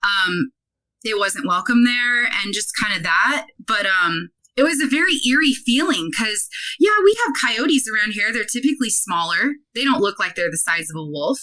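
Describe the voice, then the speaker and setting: A woman in her thirties, a podcast guest, telling a story in a casual, animated way, full of "like" and acted-out dialogue. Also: medium pitch, normal speed, poor audio. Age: 30s. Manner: animated, many "like" fillers, acts out quoted dialogue.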